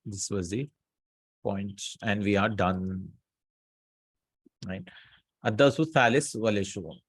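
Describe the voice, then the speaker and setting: A man teaching Arabic grammar in a casual class, explaining slowly and often checking with students. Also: fairly low pitch, breathy edge, dry recording.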